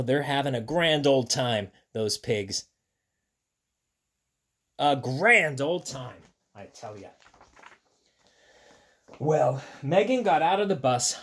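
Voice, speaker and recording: A man reading a picture book aloud to children, making playful, animated asides to his young listeners. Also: medium pitch, slow pace, pauses often. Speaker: children's story reader.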